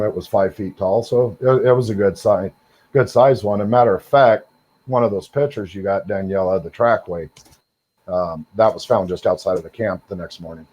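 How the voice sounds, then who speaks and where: Middle-aged man, rambling low storyteller. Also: dark tone. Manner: rambling, many fillers and repeated words. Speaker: guest sharing encounters. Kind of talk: casual storytelling interview.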